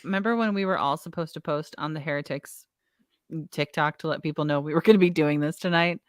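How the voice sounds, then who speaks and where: A young adult woman co-hosting a casual podcast, telling a story with lively acted-out quotes. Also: sits low, fast talker, no room sound. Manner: animated storyteller, acts out quotes. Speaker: podcast co-host. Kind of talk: casual chat.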